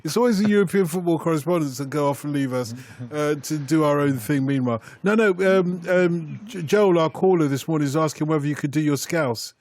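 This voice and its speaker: A man's voice: on the high side, brisk, few pauses, a little mellow. A man hosting a live radio phone-in, playful and teasing, laughing often with his guests.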